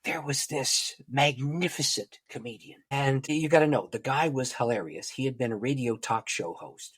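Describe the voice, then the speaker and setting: Husky guy on a podcast, spinning a story, acts out the dialogue. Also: mid-range voice. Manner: animated storyteller acting out dialogue. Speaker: guest author and prayer teacher. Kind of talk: personal storytelling in a podcast interview.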